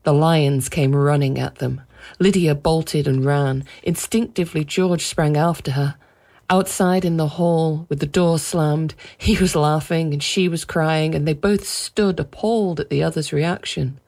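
A woman narrating a short story aloud in a measured, vivid storytelling manner. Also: sits low, fairly even intonation, a little mellow. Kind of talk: audiobook narration.

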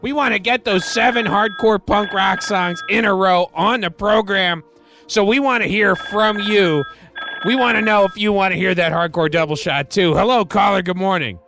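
A man's voice: sits high, vocal fry, fairly bright tone. A man hosting a comic morning radio show, joking his way through calls. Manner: quick, jokey, taking calls. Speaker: radio host.

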